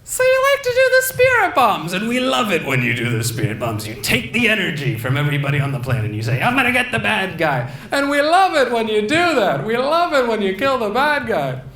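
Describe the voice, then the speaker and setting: A man voicing a fawning, gushing male celebrity interviewer in a high falsetto. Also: huge pitch swings, a little fast, hardly any pauses, bright, forceful tone, full character voice. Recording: echoey hall with ambient noise.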